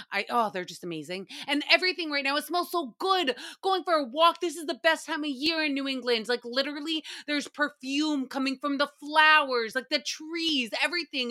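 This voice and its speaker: Young woman podcast host, high bright voice, swears freely, animated solo recap chatter. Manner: profane, animated storytelling with laughs. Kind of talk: casual solo recap chat.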